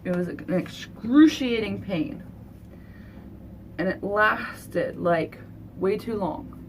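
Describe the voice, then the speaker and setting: A woman vlogger telling a painful personal story in an earnest, halting, confessional way. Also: mid-range voice, slight background noise. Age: adult. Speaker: beauty vlogger.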